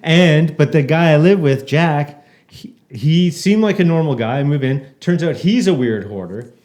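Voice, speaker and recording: A man's voice: on the high side, animated, moderate pace, a little mellow. A man co-hosting a podcast, telling stories in an easygoing, amused way during casual chat. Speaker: podcast co-host.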